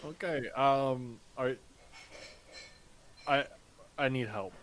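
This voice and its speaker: A man playing a tabletop game, talking in character in a halting way with frequent restarts and fillers. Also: medium pitch, fairly bright tone, a little hiss or hum.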